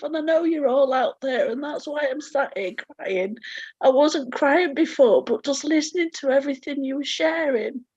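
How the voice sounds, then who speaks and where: Tearful, sweary woman, high voice. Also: normal speed, darkish tone, no room sound. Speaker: participant in a spiritual group call. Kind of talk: emotional sharing. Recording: dry, muffled audio.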